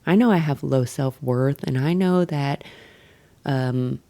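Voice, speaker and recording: A young woman with a low, gravelly, mellow voice talks through her morning on a solo podcast. She is blunt and self-critical, swears freely, and keeps restarting with fillers. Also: slow pace. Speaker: podcast host. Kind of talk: candid solo podcast monologue.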